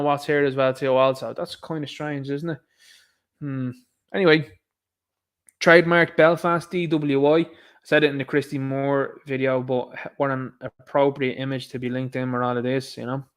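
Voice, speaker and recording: An Irish man talks straight to his viewers in a loose, casual monologue. His voice sits a little higher than most men's, and he keeps firing off sarcastic rhetorical questions. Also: smooth. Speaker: online commentator.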